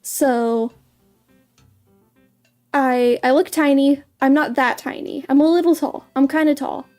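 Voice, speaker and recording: A woman with a high, mellow voice chats with her stream viewers in an easy, unhurried way. She is bubbly and giggly, and often trips over and repeats her words. Soft music plays faintly behind her. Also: steady tone. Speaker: VTuber streamer. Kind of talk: casual livestream chat.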